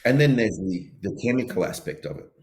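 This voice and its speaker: A man co-hosting a podcast in casual chat, animated as he acts out his inner voices. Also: lowish voice, fairly quick, vocal fry, echoey room, slight background noise. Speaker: podcast co-host.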